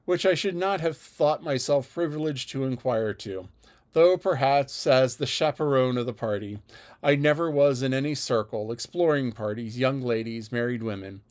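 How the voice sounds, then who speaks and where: A man's voice: mid-range voice, moderate pace, a little mellow, close to an everyday voice. A man voicing a pompous, self-important young married woman who speaks emphatically. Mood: indignant. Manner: emphatic, affronted.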